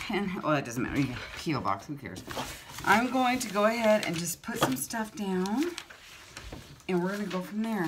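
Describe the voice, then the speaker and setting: Crafting vlogger, woman with a deep voice, chatty and self-narrating at her table. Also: noisy background. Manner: chatty, rambling, self-talk while working. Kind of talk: casual crafting chat to camera.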